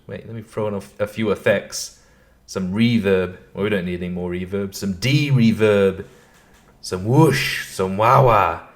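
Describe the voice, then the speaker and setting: A man talks into his computer microphone at home, hosting a casual solo podcast. His voice sits on the lower side, and he rambles, breaks off mid-sentence and laughs at his own asides. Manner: rambling, self-interrupting, laughs at himself. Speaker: podcast host. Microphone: computer microphone at his desk.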